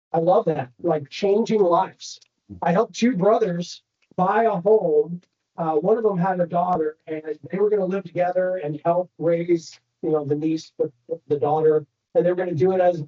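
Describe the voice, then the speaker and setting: A man giving an animated motivational training talk to a room of real estate agents, telling stories and asking the crowd questions. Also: sits high, highs cut off. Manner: animated storytelling, addresses the crowd directly.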